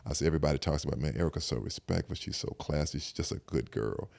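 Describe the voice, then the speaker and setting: Older man, Southern American accent, low gravelly voice, quick reflective storyteller. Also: a little mellow. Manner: reflective, repeats "I said" while retelling conversations. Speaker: podcast guest. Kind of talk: casual storytelling chat.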